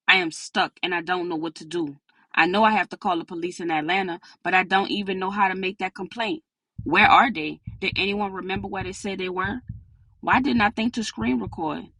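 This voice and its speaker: A woman narrates a first-person audiobook in a husky, slightly breathy voice. She tells the story plainly and conversationally. The recording is dry and close. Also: on the low side, a bit bright, no echo.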